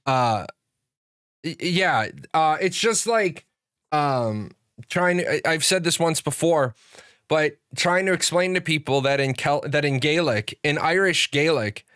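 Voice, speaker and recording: A man's voice: fairly high pitch, a bit bright, clean tone, no room sound. Rambling male show host, dry sound. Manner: rambling storyteller, many fillers and restarts. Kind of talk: casual livestream chat.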